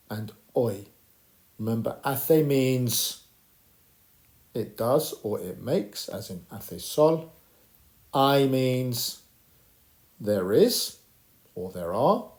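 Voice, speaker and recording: A man teaching a primary school Spanish lesson, encouraging the children and slowly modelling phrases for them to repeat. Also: medium pitch, dark tone. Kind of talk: recorded classroom lesson.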